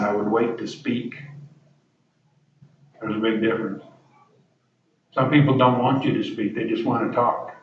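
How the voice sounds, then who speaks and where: A middle-aged man preaching a sermon in a folksy, plain-spoken way that rises to loud, emphatic peaks. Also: medium pitch, a little hiss or hum. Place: church sanctuary. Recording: dull roomy recording from far off.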